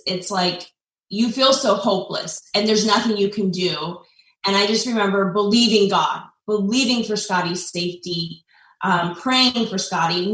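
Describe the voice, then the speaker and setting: A woman's voice: mid-range voice, a bit bright. Woman telling a heartfelt story, echoey room. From United States. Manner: heartfelt, with frequent pauses and fillers. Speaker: guest. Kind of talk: earnest personal storytelling. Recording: echoey room, distant mic.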